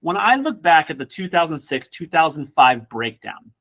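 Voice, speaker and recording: A man who works as a real estate coach, giving an energetic motivational class with casual joking asides. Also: fairly high pitch, moderate pace. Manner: energetic, acts out quoted people in voices.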